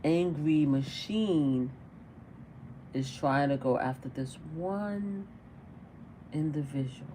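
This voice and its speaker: A woman's voice: deep voice, takes it slowly, pauses often, warm tone, a little hiss or hum. A middle-aged woman hosting a casual reaction livestream, chatting and firing off exasperated, repeated rhetorical questions. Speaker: livestream commentator.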